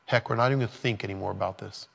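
A man's voice: lowish voice, racing, creaky, fairly bright tone, long reverb tail. A man preaching a sermon in a conversational way, with playful acted-out asides. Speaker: pastor.

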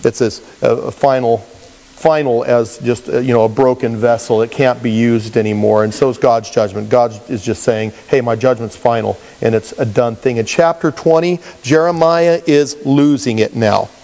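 A man preaching a Bible-teaching sermon as a pastor, conversational and animated, acting out quoted voices. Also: mid-range voice, moderate pace. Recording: long reverb, as in a large hall.

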